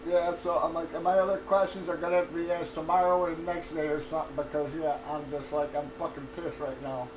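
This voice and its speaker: A man's voice: a little high, steady tone, quick pace, few pauses. A middle-aged man talking casually and bluntly, swearing and laughing often as he vents about his cancer treatment. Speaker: livestreamer. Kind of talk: casual chat. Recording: roomy echo, distant from mic, faint noise.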